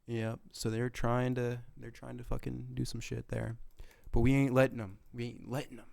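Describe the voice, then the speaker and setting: A man's voice: medium pitch, little pitch movement, normal speed, gravelly, hardly any pauses, a little mellow. A man giving casual, profane commentary while playing a strategy game, mostly laid-back muttering with sudden outbursts. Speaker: gaming streamer.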